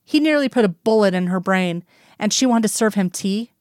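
A woman reads a story aloud in a steady, even narrating voice. Her pitch sits in the middle of the range. The recording is close and dry, with no room sound. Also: a little fast, no room sound. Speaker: audiobook reader. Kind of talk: reading fan fiction aloud.

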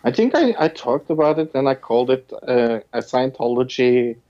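A man's voice: medium pitch, very animated, normal speed, dark tone, dull audio. A man co-hosting a casual movie review chat. He is blunt and laughs easily. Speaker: podcast co-host.

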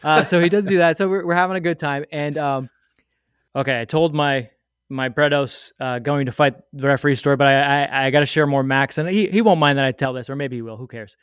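Lively man telling a rambling story. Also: on the high side, a little fast, clear, resonant tone, no room sound, clean studio sound. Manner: rambling, animated storyteller with many fillers and asides. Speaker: guest sharing a fan memory. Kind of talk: casual storytelling.

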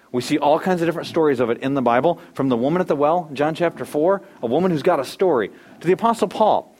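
A man delivering a sermon with a fairly high-pitched voice. He preaches emphatically, stressing key words and then dropping suddenly to a soft, low tone. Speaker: pastor.

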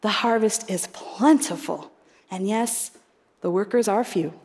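A woman's voice: mid-range voice, a little slow, a little mellow. A woman preaching a sermon, earnest and reflective, posing rhetorical questions to her congregation. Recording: reverberant hall.

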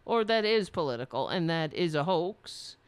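Sarcastic woman commentator, animated pitch, dry recording, mocking and profane. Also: moderate pace, clear, resonant tone, no echo. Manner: sarcastic, mocking, swears freely. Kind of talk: commentary reading emails aloud.

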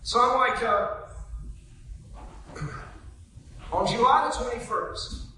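A woman telling stories in a sermon, chatty and animated, laughing as she goes. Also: on the high side, drawn-out words, a little hiss or hum. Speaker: preacher. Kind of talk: storytelling sermon. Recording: echoey church hall, mic from a distance.

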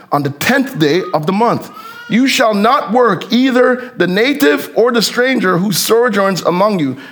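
A man preaching a sermon with fervent rhetorical questions, moving from hushed reading to shouting. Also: high-pitched.

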